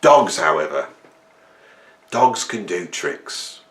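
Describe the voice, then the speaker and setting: A man in his fifties hosting a casual monologue, rambling and humorous as he tells animated stories. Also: deep voice, takes it slowly. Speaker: host. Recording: roomy echo.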